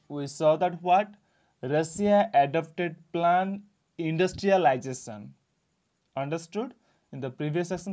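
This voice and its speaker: Teacher, repeating and quizzing. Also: male voice, fairly high pitch, darkish tone. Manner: repeats each sentence and quizzes with rhetorical questions. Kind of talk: classroom lecture explaining a textbook.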